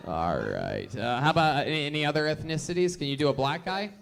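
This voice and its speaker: A man's voice: on the high side, sing-song, fairly quick, gravelly, a bit bright. A man hosting a live comedy show, bantering with a contestant in a brash, teasing and profane way.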